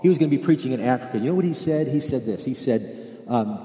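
A man's voice: medium pitch, animated, fast talker, warm tone. A pastor preaching a sermon in a storytelling manner, acting out the dialogue of the people in his story. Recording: echoey hall, long reverb.

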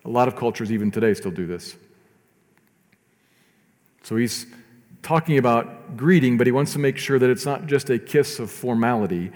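A man preaching a sermon as pastor, earnest, rising to emphatic lines and dropping to soft, slow ones. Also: medium pitch, lively intonation, big-room sound.

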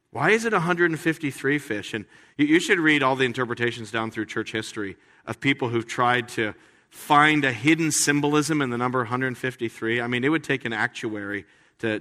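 A man preaching a sermon as a pastor, talking in a conversational way with playful, animated asides. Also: medium pitch, big-room sound.

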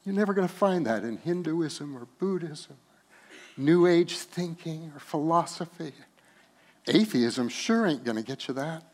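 A man preaching from the pulpit with a slightly raised voice. He drops to slow, quiet tenderness, then climbs into loud, laughing emphasis. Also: a little high, lively intonation. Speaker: pastor. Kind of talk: sermon.

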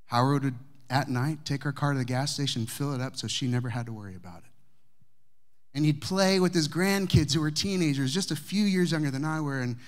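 A man preaching, a pastor telling a personal story to his congregation with humor and warmth of delivery. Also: on the high side, a little fast. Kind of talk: sermon storytelling. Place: church sanctuary with congregation.

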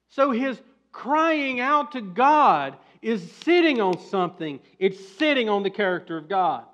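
A man preaches a sermon as pastor, his voice sitting high for a man. He moves between quiet explanation and loud, emphatic bursts. The recording sounds dull and lo-fi. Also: big pitch swings, unhurried, few pauses.

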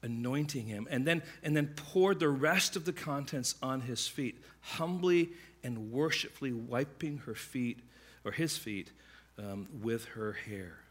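A man preaching a sermon, telling stories in a conversational way and acting out the voices of the people in them. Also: mid-range voice. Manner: conversational, animated storytelling with quick asides; acts out quoted voices. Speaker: pastor.

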